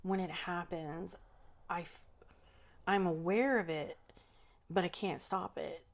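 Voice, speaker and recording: A woman who works as a spiritual healer, talking thoughtfully on a podcast, often trailing off and restarting, with soft laughs. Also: lowish voice, fairly even intonation, takes it slowly. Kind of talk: casual podcast conversation.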